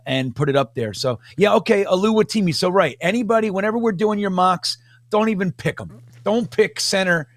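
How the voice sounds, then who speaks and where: A man on a casual sports panel, telling stories excitedly and laughing often. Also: sits high, dry recording.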